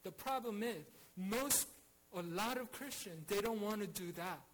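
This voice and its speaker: A man's voice: high voice, expressive, a little slow, rough recording. A man teaching a Bible study in an earnest way, with frequent restarts and rhetorical questions.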